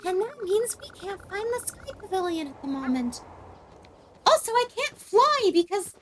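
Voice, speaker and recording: A woman voicing a cheerful, excitable little flower Pokemon, gushing with emphatic exclamations. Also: very high-pitched, moderate pace, a little hiss or hum, pitched above the performer's own voice. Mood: bubbly. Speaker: streamer voicing game text.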